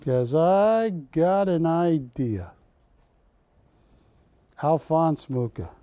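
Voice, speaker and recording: A man's voice: fairly high pitch, expressive, drawn-out words, warm tone, no room sound. A man hosting a live shopping-channel show, selling art with a folksy, joking, bargain-pushing manner in a TV studio. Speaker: home-shopping host.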